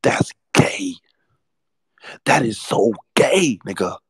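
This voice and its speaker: A man in his twenties ranting late at night, swearing nonstop and swinging between hushed whispers and loud outbursts. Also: fairly low pitch, big pitch swings, slow, husky, dry recording. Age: 20s. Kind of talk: late-night profane rant, often whispered. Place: at home at night while others sleep.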